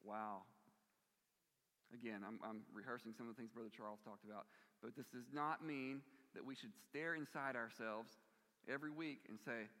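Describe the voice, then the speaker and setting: A man delivers a sermon in a church sanctuary, earnest and emphatic, pressing hard on key words and then dropping to a quieter register. His voice is bright and forceful, sitting at an ordinary male pitch. A long reverb from the large hall trails behind every phrase. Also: steady tone, normal speed. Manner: earnest, emphatic, swings between loud stress and quiet. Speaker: preacher.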